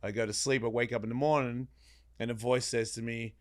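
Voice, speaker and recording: Here a man with a mid-range voice talks fairly quickly as a podcast guest. Chatting casually, he spins a long personal tale, curses freely, and animatedly performs the voices of its characters.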